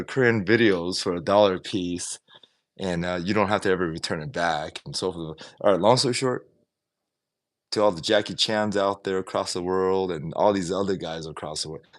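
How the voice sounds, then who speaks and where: A man ranting in an opinionated, casual way on a livestream, swearing now and then. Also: sits low. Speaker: livestream vlogger.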